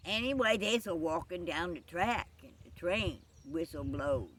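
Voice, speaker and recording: A woman telling a folksy joke story with drawn-out asides. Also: on the low side, expressive, a little hiss or hum.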